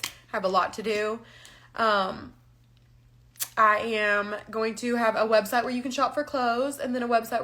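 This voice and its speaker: A woman's voice: mid-range voice, fairly bright tone. A woman talking candidly on a live stream, frank and emotional, holding back tears. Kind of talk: casual live-stream talk. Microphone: phone or webcam on a live stream.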